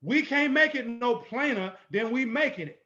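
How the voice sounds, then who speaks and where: Man, higher-pitched, bold and confrontational instructor; dull lo-fi recording. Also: expressive, normal speed, bright, forceful tone. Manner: emphatic, repetitive, bold and confrontational. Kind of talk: lecture-style video walkthrough.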